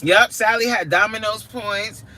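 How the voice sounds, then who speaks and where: A woman's voice: mid-range voice, measured pace. A woman from New York hosting a live stream from her car, chatting casually in slangy talk and laughing often. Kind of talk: casual chat while driving. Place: inside a car in snowy weather. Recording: loud car road noise. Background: vehicle engine and road noise.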